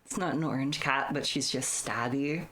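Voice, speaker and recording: Very low-voiced blunt woman streamer. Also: moderate pace, fairly bright tone. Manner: blunt, profane, teasing. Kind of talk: casual live-stream chat.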